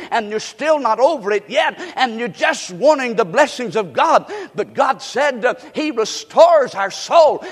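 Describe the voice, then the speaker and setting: A man with a notably high voice delivers a sermon, calling his congregation to repeat lines back to him. The sound carries the long reverberation of a large church sanctuary. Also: a bit bright. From United States. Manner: preaching with call-and-response to the congregation. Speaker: pastor.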